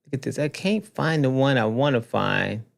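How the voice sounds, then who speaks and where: A man's voice: mid-range voice, normal speed, vocal fry. A man hosting a casual commentary show, reacting to news clips and talking straight to his viewers, often repeating himself. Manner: animated, repeats himself, talks to viewers directly.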